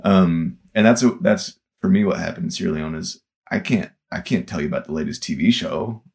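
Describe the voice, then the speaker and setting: A man's voice: sits low, a little fast, creaky, darkish tone. A man speaking as a guest in a casual conversation, thoughtful and laughing easily as he talks. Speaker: guest, former field worker.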